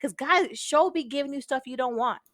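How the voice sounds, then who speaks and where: Frank, expressive woman in a dry recording. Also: high-pitched, moderate pace, no echo. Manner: frank and expressive, swears casually, acts out her own past thoughts. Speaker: podcast guest. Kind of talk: candid personal storytelling.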